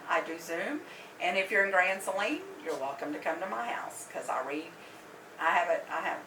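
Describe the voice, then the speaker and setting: A woman, a medium and tarot reader, telling a story in casual chat, talking a lot and laughing often. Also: fairly low pitch. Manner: animated, chatty, laughs often. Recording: roomy, distant mic, faint noise.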